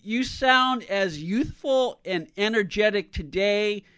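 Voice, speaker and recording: A man hosting an interview, asking questions in a slow, deliberate way. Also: high-pitched, animated, sharp tone, clean tone. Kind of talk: radio interview.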